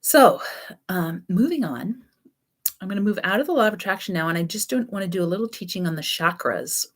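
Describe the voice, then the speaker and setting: A woman's voice: medium pitch, lively intonation, brisk. A woman giving a casual spoken class, talking loosely with frequent fillers and restarts. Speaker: class teacher.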